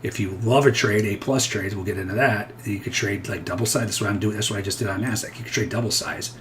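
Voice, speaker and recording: Casting: male pro trader, lowish voice, candid and digressive, thinking aloud over charts. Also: quick pace, fairly bright tone, a little hiss or hum. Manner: rambling, self-interrupting, candid. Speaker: futures trader. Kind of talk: live trading commentary.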